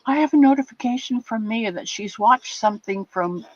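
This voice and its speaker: An older woman hosting a livestream, chatting warmly and rambling with her viewers in a casual, affectionate way. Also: a little high, normal speed, dry recording. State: a bit teary. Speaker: livestream host. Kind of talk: casual chat with live chat viewers. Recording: dull lo-fi dry sound.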